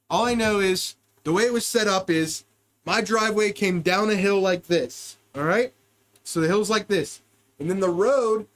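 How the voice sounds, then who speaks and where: A man's voice: high voice, a bit bright. A man hosting a podcast, telling rambling, crude comic stories and jumping between wild tangents. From United States. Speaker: podcast host. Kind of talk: rambling comedic storytelling.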